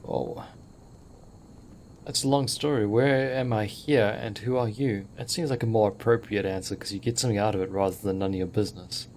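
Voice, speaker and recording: A man hosting a let's play, commentating with excitable, wide-eyed awe and the odd swear. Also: on the low side, brisk, a little hiss or hum.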